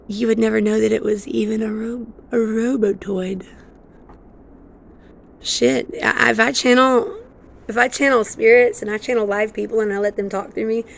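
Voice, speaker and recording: A woman vlogging in a rambling, excitable stream-of-consciousness monologue. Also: on the high side, vocal fry. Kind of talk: casual monologue.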